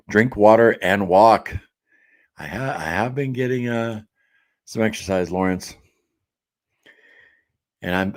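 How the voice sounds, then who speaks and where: A man with a very deep, low-pitched voice hosts a casual live stream from his home office. He reads viewer comments aloud and chats back in an easygoing way, full of fillers and quick laughs. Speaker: host of a diet support live stream.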